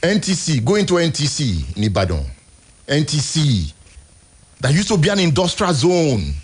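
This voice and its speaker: Nigerian guy ranting on radio, high lively voice, bit husky, keeps asking why. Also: normal speed. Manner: emphatic, rhetorical, exasperated. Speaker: radio show host. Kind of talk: impassioned on-air commentary. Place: radio studio.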